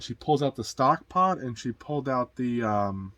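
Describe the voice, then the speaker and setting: A man chats casually about the deals he found, acting out the sellers' lines in a rambling storytelling way. His voice sits at an ordinary middle pitch. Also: fairly quick, sharp tone, dry recording. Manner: rambling storyteller, acts out quotes. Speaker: co-host and reseller. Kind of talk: casual chat telling buying stories.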